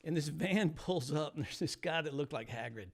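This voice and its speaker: A gravelly, slightly high voice belongs to a man in his sixties from the United States. He is a guest on a chat show, telling stories in a lively way and laughing often. His talk is loose and friendly. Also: normal speed. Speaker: guest, former high school teacher. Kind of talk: casual storytelling chat.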